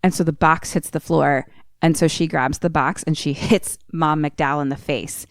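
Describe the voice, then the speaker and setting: A woman podcast co-host casually retelling a film plot, animated and swearing often. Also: sits low, normal speed, dry recording, studio quality.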